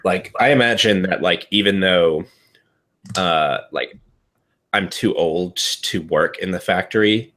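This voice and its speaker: A man with a low voice is a player in a casual tabletop game. He feels his way through each idea, hesitating and thinking aloud. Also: takes it slowly, fairly bright tone.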